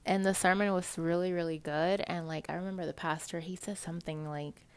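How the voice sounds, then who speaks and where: A woman's voice: on the low side, steady tone, fairly quick, clean tone. A woman in her thirties casually telling an emotional personal story, saying "like" constantly and laughing as she talks.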